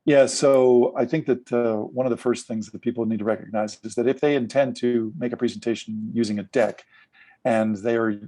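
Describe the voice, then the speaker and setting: A man with a mellow, warm tone and a mid-range pitch, speaking as a guest in a casual interview. He explains ideas at length and moves easily into animated storytelling. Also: moderate pace.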